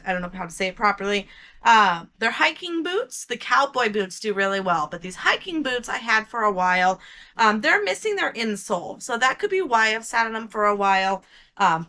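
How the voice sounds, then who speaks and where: Bright chatty American woman, voice going hoarse. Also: fairly high pitch. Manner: chatty, excited, addresses viewers as you guys. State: losing her voice. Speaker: reseller vlogger. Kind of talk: casual haul recap to camera.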